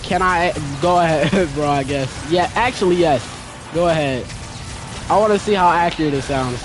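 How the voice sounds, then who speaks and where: A man's voice: a little high, normal speed. A young man chatting casually with viewers while playing a game, in a slangy, talkative way. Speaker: gaming streamer. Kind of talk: casual gameplay commentary. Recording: game music playing behind.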